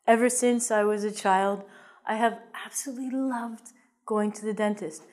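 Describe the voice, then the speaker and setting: A woman's voice: medium pitch, fairly even intonation, normal speed, a little mellow. A woman teaching an English vocabulary lesson in a playful, jokey way, with theatrical asides.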